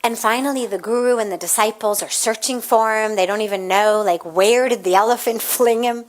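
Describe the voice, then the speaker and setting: A woman spiritual teacher giving an evening satsang talk, telling a story in measured, deliberate phrases and acting out the voices in it. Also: a little high. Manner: storytelling, acts out quoted voices.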